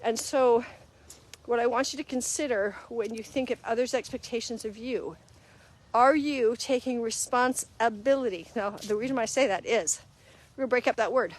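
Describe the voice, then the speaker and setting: A woman's voice: on the high side, moderate pace. A middle-aged woman hosting a casual live-stream talk, earnest and conversational, acting out little quoted exchanges as she goes. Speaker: host.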